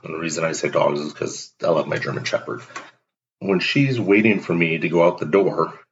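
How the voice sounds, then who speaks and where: On a dull, lo-fi recording with a little hiss or hum, a man with a deep, low voice hosts a show, delivering blunt motivational talk at normal speed. He makes his points by acting out small daily exchanges.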